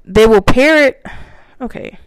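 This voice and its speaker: Her voice is a little high and her pace measured. This female commentator reads out points and rants about them with profanity, laughing animatedly and staging mocking confrontations as she reacts.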